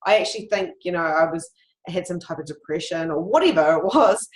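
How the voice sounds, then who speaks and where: A woman's voice: on the low side, fairly quick. A woman hosting a casual interview, sharing personal stories in an open, confiding way. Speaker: host. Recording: echoey room.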